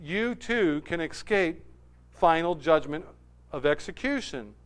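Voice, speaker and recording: A man preaching an emphatic sermon, swinging between forceful declarations and hushed asides. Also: on the high side, animated, slow, clean tone. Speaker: pastor.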